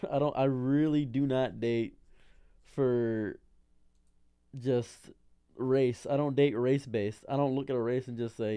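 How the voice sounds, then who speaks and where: A man in his thirties from Detroit rambles through a casual commentary monologue, circling back to repeat himself in a baffled, exasperated way. His voice sits at an ordinary middle pitch and is recorded close on a dry mic with no room sound. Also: a little slow, dark tone, clean tone, no room sound. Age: 30s. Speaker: streamer.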